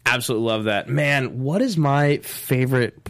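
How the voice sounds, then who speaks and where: A man hosting a casual podcast chat, jokey and animated, steering the talk between topics. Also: mid-range voice, moderate pace. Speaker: podcast host.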